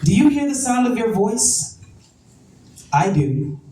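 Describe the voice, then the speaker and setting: A woman's voice: a little high, sing-song, slow, warm tone, recorded from a distance. Woman performing spoken word in an echoey hall. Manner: rhythmic, emphatic, repeated refrains. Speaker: poet. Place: event venue, roomy. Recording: echoey room from afar, faint noise.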